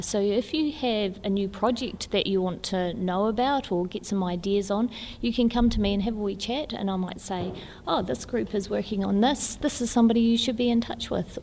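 A woman with a New Zealand accent, an environmental hub coordinator, answering interview questions in an informative, steady way with fillers. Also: mid-range voice, long reverb tail, slight background noise. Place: kiosk in botanic gardens.

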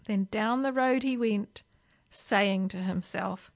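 A woman reading a children's story aloud for a library, with slow, expressive storytelling. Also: medium pitch, creaky. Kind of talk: reading a picture book aloud.

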